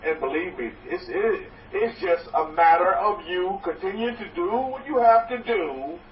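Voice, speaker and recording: A man's voice: a little high, slight background noise. A man preaching a sermon as a rabbi, exhorting his listeners and rambling with restarts, often acting out what doubters say. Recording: echoey, distant, muffled room recording.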